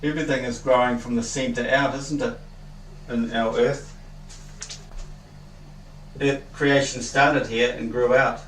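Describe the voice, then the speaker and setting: Man, earnest slow explainer, echoey distant recording. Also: medium pitch, fairly even intonation.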